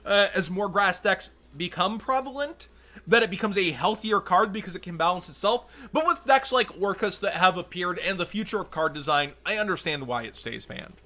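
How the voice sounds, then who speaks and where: A man hosting a card game channel, giving quick blunt verdicts in casual commentary while his voice is going. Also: sits high, expressive, bright, forceful tone. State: losing his voice.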